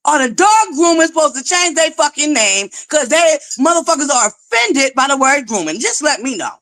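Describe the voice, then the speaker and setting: A woman's voice: high voice, big pitch swings, moderate pace, fairly bright tone. A woman hosting her own commentary channel, ranting in an exasperated, profane, emphatic way, often stammering and restarting. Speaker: commentary vlogger. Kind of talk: heated reality TV commentary rant.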